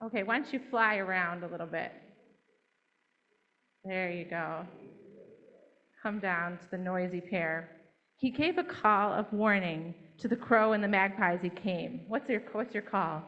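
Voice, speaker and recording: A woman telling a children's story at church in a gentle, interactive way, inviting the children to join in. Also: mid-range voice, unhurried, long pauses, dull audio.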